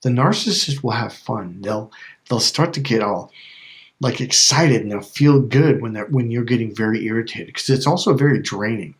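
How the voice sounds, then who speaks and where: A man's voice: mid-range voice, normal speed. A man giving a casual coaching talk, emphatic and repetitive, often checking in with "okay?". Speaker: life and relationship coach.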